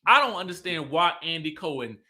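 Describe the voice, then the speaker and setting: A man giving a sassy, animated recap of a reality show reunion, acting out the cast's lines as he goes. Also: on the high side, fairly quick. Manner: sassy, animated, quoting in mock voices. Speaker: pop culture commentator. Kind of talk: casual recap commentary.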